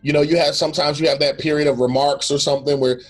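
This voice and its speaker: A man's voice: on the high side, flat delivery, quick pace. A man co-hosting a casual faith-based talk, earnest and reflective, often acting out what someone might say. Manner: earnest and reflective, quotes imagined speech, restarts often. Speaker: podcast co-host.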